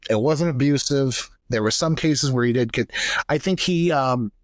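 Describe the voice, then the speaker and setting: A man's voice: medium pitch, normal speed, dry recording, clean studio sound. Young man telling a raw personal story. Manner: candid, emotional retelling, acts out quoted voices. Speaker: podcast co-host.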